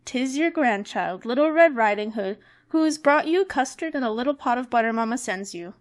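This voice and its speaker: A woman's voice: on the high side, expressive, normal speed, close to an everyday voice. A woman voicing an innocent, trusting little country girl who speaks politely and earnestly.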